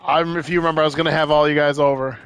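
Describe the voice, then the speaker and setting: A man's voice: a little high, fairly even intonation, very fast, a bit bright, clean tone, no echo. Profane rambling male gaming streamer. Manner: profane, laughing, rambling anecdotes. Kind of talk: casual storytelling while gaming.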